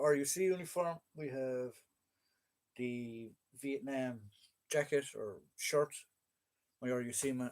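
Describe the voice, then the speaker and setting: Irish man, livestream host, loose chatty delivery, plenty of ums and uhs, mid pitch. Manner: chatty and joking, with frequent fillers. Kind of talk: casual live chat reading viewer comments.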